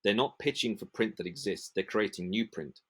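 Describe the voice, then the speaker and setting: A man from the UK, a print association manager, talking passionately in a podcast interview and acting out sales conversations in lively voices. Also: on the low side, a little fast, slightly rough. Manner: passionate, acts out sales dialogues in animated voices.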